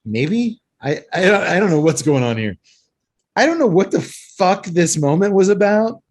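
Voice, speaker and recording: A man hosting a podcast and recapping an action movie in lively, sweary casual chat, a little tipsy from several beers. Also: high-pitched, a little slow. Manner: animated, sweary storytelling recap. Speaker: podcast host recapping a film.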